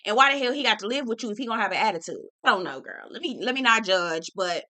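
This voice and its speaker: A woman's voice: fairly high pitch, animated, quick pace, pushed and bright. A young woman hosting a reality TV recap, talking candidly and casually to her viewers, swearing freely and calling them "girl" and "y'all". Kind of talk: casual chat.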